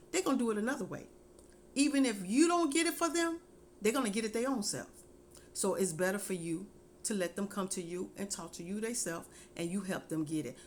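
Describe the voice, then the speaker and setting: A middle-aged woman giving casual, heartfelt parenting advice, earnest and folksy, repeating her points slowly. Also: lowish voice, slight background noise.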